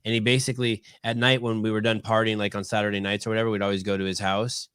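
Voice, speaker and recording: A middle-aged man hosting a podcast, telling stories in casual chat, swearing freely and getting animated. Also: lowish voice, fast, clear, resonant tone, dry recording, clean studio sound. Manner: profane storytelling, animated. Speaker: podcast host.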